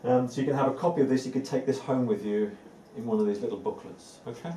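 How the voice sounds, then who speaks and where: A spiritual teacher with a mellow, warm, mid-range voice speaks at a quick pace to a live audience in an indoor room. He's earnest and repeats key words for weight. The recording catches him from a distance in an echoey room, a faint ambient hum running underneath.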